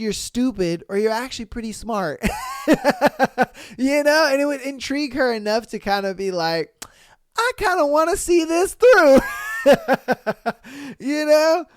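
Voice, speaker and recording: A man riffing on a casual podcast, reading out posts and reacting with swearing and slang. His voice is smooth and clean, recorded close and dry with no room sound. He moves between talking to the listener and musing aloud. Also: high voice, dry recording. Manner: profane, slangy, animated with frequent asides. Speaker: podcast host.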